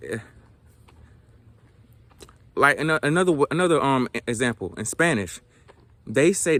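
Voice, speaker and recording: A man's voice: mid-range voice, a bit bright. A young man from South Georgia with a light Southern accent, talking casually to camera about learning languages, earnest and reflective, with frequent fillers and restarts. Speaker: language vlogger.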